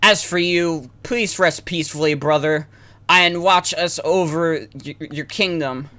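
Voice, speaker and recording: Earnest young prince hero, read by a woman, resolute, bright tone. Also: deep voice, measured pace.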